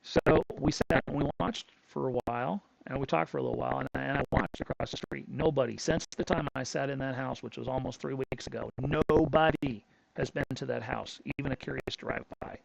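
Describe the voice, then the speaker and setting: A man's voice: mid-range voice, brisk, gravelly, slight background noise, low-quality recording. A middle-aged man hosting a crypto channel, telling a story in a blunt, rambling way with frequent restarts. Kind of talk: casual storytelling monologue.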